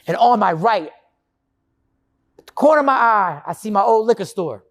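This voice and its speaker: A man's voice: high-pitched, animated, normal speed. A man telling a personal story in a monologue, acting out his past self and his inner voices. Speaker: storyteller recounting his own experience.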